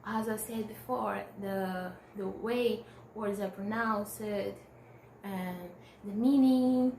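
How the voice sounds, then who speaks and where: Slow, hesitant woman presenting. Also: mid-range voice, steady tone, creaky, warm tone, roomy sound, slight background noise, low-quality recording. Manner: hesitant, restarts words, small laughs. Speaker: student presenter. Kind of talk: class presentation.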